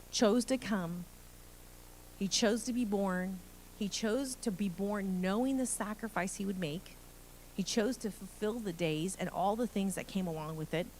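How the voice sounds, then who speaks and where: A woman's voice: medium pitch, slight background noise, low-quality recording. A woman pastor preaching a live sermon in a church, earnest and building emphasis as she speaks. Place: church sanctuary.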